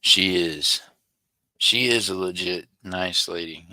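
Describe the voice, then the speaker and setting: A man's voice: low voice, slow, bright, forceful tone, dry recording. A man hosting a casual live stream, chatting with viewers by name in rambling, joking, slangy banter and laughing often. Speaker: livestream host.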